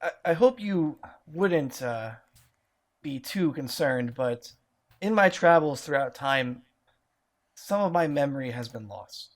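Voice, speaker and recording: A man's voice: fairly high pitch, animated, slow. A man voicing a polite time-traveling man who has lost his memory, speaking formally and hesitantly. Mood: politely hesitant.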